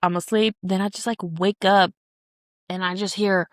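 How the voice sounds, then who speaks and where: A woman's voice: medium pitch, steady tone, normal speed, no echo, studio quality. A woman in her thirties co-hosting a podcast, telling a long story in casual chat, rambling with lots of "like" and restarts. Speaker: podcast co-host.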